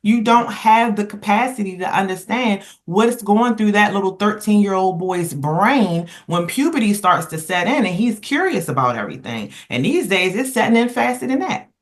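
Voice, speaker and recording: A woman's voice: mid-range voice, normal speed, few pauses. Emphatic woman telling stories in a roundtable. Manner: emphatic, animated storyteller who rambles and restarts. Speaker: roundtable panelist. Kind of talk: casual podcast roundtable discussion.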